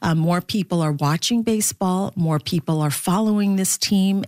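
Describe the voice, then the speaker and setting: A middle-aged woman who works as a baseball broadcaster, speaking as an interview guest in a lively, laughing, storytelling way. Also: fairly low pitch, normal speed, hardly any pauses, no room sound, clean studio sound. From Philippines.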